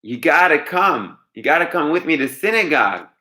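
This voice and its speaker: Man doing an urgent, persuasive friend, bright-toned. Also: a little high, sing-song, moderate pace, pitched above the performer's own voice. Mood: urging. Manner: urgent, pleading. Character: earnest persuasive man urging his friend.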